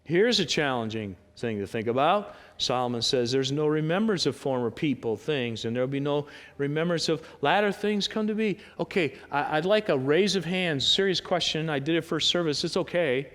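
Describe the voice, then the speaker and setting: A male pastor delivers a sermon in a loose, conversational way, full of rhetorical questions and quick asides to the congregation. His voice sits a little high for a man. The sound carries a long reverb from the church sanctuary. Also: fairly bright tone.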